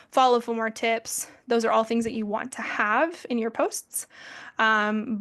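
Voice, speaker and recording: Friendly chatty young woman presenter. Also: a little high. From American Midwest family. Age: 20s. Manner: chatty, friendly, peppered with fillers. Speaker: social media presenter. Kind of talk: casual presentation.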